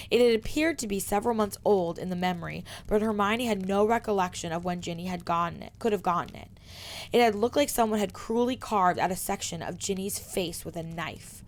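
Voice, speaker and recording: A woman streamer reading a fan fiction novel aloud, steady narration with small slips. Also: mid-range voice, slight background noise.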